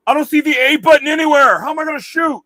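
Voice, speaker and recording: A man voicing a whiny, clueless young male gamer who is loud and exasperated. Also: very high voice, no echo, pitched above the performer's own voice, poor audio.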